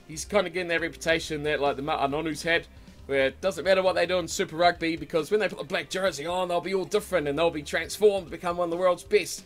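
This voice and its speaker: New male host, high pitch, loose rambling chat, faint music under the voice. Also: quick pace. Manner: relaxed, rambling, frequent ums and uhs. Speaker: podcast host. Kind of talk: casual rugby chat.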